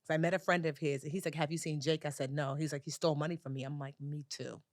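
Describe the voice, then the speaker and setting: Woman guest, mid-low voice, lively storyteller who acts out every line, dry close mic. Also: fast, dry recording. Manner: animated storyteller, acts out dialogue with big pitch jumps. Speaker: personal finance educator, podcast guest. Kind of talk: storytelling in a conversational interview.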